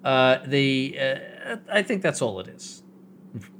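A man's voice: medium pitch, big pitch swings, fairly bright tone. A man, a bishop, talks through a radio discussion. He stumbles and restarts often, then lands his points with emphasis. His voice sits in a middle register, with faint noise in the background. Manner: halting, many restarts, emphatic.

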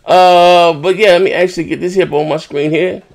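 Speaking at normal speed in a high-pitched, fairly level voice, a man entertains his live-stream subscribers with casual banter. His storytelling rambles, swears freely, and leans heavily on fillers.

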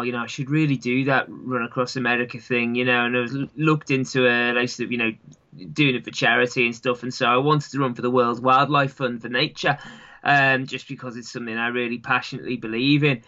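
English guy rambling along with lots of sort of and you know, bright forceful voice, kinda muffled lo-fi audio. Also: medium pitch, steady tone, brisk. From England. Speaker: guest, long-distance runner. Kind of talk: casual interview chat. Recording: dull lo-fi sound.

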